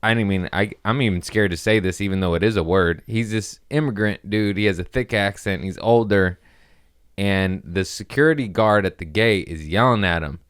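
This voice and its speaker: Young male comedian host, lowish voice, loose crude storytelling, laughs at own bits. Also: moderate pace, a bit bright, clean tone. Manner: rambling, crude, laughs at his own jokes. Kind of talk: casual comedic monologue.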